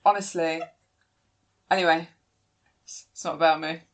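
A woman's voice: low voice, steady tone, moderate pace. Candid sweary woman host. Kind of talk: casual chat.

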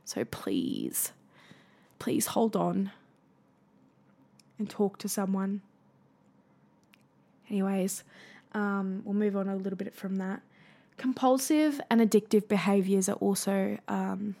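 A woman's voice: medium pitch, a little mellow. A young adult woman hosting a solo podcast, earnest and encouraging, with frequent fillers. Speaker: podcast host.

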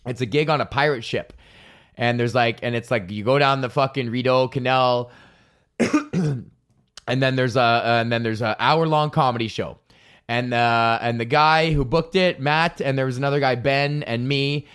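Profane, animated male comedian telling stories. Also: mid-range voice, normal speed, clean tone. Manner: swears a lot, loose and animated, fillers and restarts. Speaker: comedian podcast host. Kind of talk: profane comedic storytelling rant.

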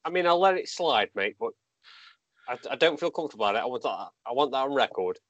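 Wry co-host, teasing, muffled dry sound. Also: male voice, medium pitch, animated, fast talker, a bit bright, no echo. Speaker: podcast co-host. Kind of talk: casual chat.

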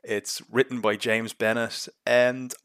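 A man's voice: mid-range voice, flat delivery, takes it slowly, a bit bright, smooth, no echo, studio quality. A young man giving blunt, sarcastic, chatty commentary on films as a show host. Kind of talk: casual film commentary.

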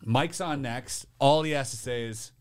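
A man's voice: mid-range voice, measured pace. A male comedian on a casual podcast, riffing loosely with plenty of swearing.

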